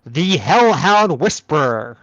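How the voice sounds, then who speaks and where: A man's voice: a little high, big pitch swings, takes it slowly, fairly bright tone, dry recording, highs cut off. A man narrating a tabletop game as game master, describing scenes with fillers like "uh".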